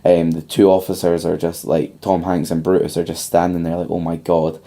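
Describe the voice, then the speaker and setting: A man's voice: low-pitched, little pitch movement, brisk, warm tone. A young man co-hosting a casual podcast, retelling a film plot at length with lots of ums. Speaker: podcast co-host.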